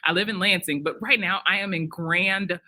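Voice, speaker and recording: A woman from Detroit hosting a live podcast at an expo, chatty and animated, laughing often and breaking into snippets of song. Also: fairly low pitch, normal speed, poor audio. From Detroit, Michigan. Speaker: podcast host. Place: expo venue.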